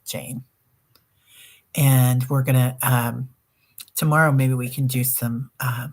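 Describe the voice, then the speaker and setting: A woman hosting a group meditation stream, chatting casually and reading out viewer comments, with many fillers and restarts. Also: very deep voice. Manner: chatty, warm-hearted, reads viewer comments aloud; rambling with many fillers and self-corrections. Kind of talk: casual livestream sign-off chat.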